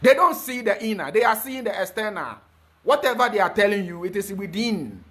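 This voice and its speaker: A man's voice: high-pitched, expressive, a little fast, bright, forceful tone. A man giving an emphatic, preachy spiritual talk, often stalling on repeated fillers before pressing his point. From Ghana. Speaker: spiritual teacher.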